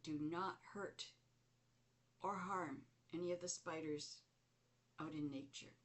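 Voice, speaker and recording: A woman voicing a gentle, protective old female spider spirit who speaks calmly and patiently. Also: sits low, takes it slowly. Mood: calm, reassuring. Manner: calm, reassuring, patient.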